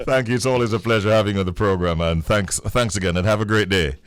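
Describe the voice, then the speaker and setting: Male morning host, low voice, easygoing and jovial. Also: quick pace, smooth, dry recording. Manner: relaxed and jovial, laughs easily. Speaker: radio show host. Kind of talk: casual radio banter.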